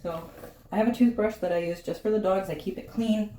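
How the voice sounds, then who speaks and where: A woman's voice: mid-range voice, steady tone, fairly quick, dark tone. A woman casually chatting while grooming her dogs at home, teasing the dog and talking to viewers, sweaty from the work. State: sweaty from the effort. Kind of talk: casual chat while working. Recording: echoey room with faint clipper hum.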